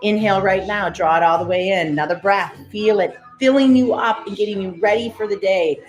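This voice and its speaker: A woman with a medium-pitched voice, a guided breathwork coach, speaks fairly quickly in a commanding, upbeat, motivational way, repeating her cues. It's a live-streamed session in a roomy space, with faint music in the background.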